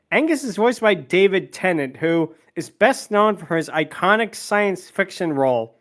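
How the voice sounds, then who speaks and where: High-voiced man recapping a movie plot. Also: lively intonation, a bit bright. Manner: quick plot recap, dry asides, voices quotes. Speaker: podcast host recapping a film. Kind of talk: recap narration with jokes.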